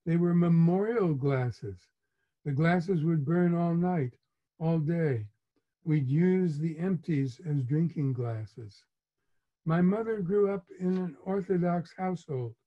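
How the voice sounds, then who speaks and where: A man in his eighties, an author reading his memoir aloud in a measured, reflective way. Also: on the high side. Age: 80s. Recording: muffled lo-fi recording.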